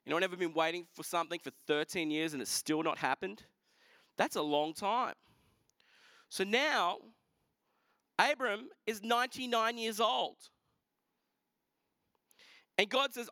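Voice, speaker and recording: Guy preaching, high bright voice, chatty storytelling, dry close sound. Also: a little slow, pauses often, no echo. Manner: animated storytelling with casual asides. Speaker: pastor. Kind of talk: sermon.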